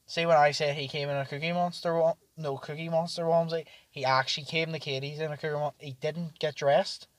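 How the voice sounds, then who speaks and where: A man's voice: on the high side, level tone, a little fast, no echo. A young man, hosting a podcast and rambling through sweary, laugh-filled stories about nights out with friends. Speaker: podcast host. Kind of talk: casual storytelling chat.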